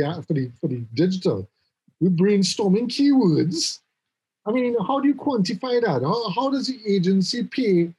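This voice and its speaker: A middle-aged man chatting casually about his office jobs, telling animated stories and often repeating words as he goes. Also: high voice, breathy edge, poor audio. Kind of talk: casual conversation.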